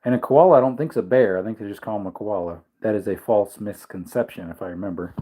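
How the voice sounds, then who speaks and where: Fast-talking, with a fairly low pitch and dark tone, a man runs a laid-back livestream. He's tired and keeps yawning, reading viewers' comments aloud with chuckles and meandering musings.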